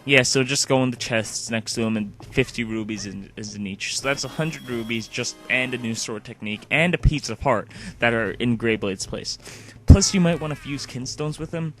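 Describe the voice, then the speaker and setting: A man casually narrating his video game play, rambling from one thing to the next and leaning on "like" as a filler. His voice sits at a middling pitch, and faint music plays behind him. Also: moderate pace, hardly any pauses. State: sleepy. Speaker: let's play host. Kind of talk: casual gameplay commentary.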